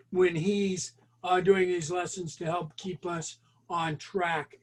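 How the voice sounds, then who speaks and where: A man with a notably high voice walks a group through trumpet exercises. He talks casually and haltingly, with plenty of ums and restarts. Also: fairly even intonation. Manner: chatty, hesitant, many ums and restarts. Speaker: group brass lesson leader. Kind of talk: casual spoken music lesson.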